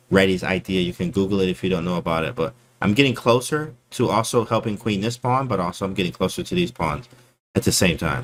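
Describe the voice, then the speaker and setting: A man casually breaking down his chess game for his stream chat, slangy and animated, often calling people bro. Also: lowish voice.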